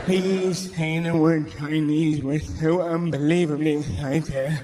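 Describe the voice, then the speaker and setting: A male stand-up comedian telling stories live, brisk and animated, swearing freely and slipping into character voices. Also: a little high. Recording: live show with audience noise. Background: audience laughter.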